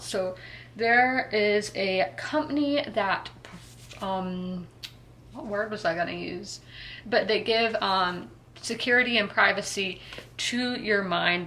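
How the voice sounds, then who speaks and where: A woman's voice: medium pitch, fairly bright tone, slight background noise. Chatty young woman vlogging. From South Carolina, US. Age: 20s. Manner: chatty and rambling, many ums and likes. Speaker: book vlogger. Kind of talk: casual reading vlog chat.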